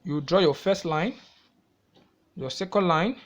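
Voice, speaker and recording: A man's voice: sits high, a little slow. A man with a Nigerian English accent teaching a music theory lesson, repeating himself often and asking the viewer questions before he answers them.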